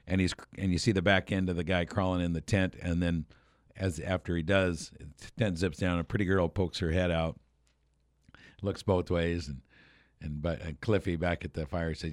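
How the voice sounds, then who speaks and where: Deep-voiced man telling a rambling story. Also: moderate pace, no room sound, clean studio sound. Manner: rambling, chuckling, many fillers and restarts. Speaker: radio show host. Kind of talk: casual storytelling.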